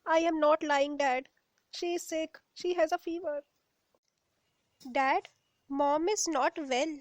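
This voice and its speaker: Very high voice, slow pleading delivery, gentle little girl, woman voicing her, cartoon. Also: fairly even intonation, no echo.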